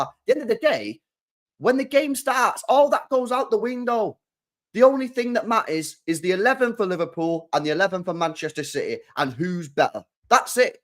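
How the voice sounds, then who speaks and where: A man's voice: sits high, lively intonation, brisk. A young man hosting a live football watchalong, making his points emphatically and repeating them. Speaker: host.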